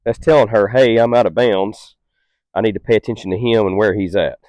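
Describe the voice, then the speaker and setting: In this instructional demo, a man trains a dog with calm patience, his fairly low voice explaining things at an even, unhurried pace. Brief, stern commands break in now and then, and the audio is close and dry without echo.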